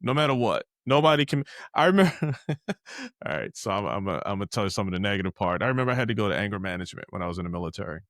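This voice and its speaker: A male podcast host with a fairly low voice talks with his guest, full of enthusiasm. His speech is quick and energetic. The recording is dry and close. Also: no echo. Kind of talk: casual interview chat.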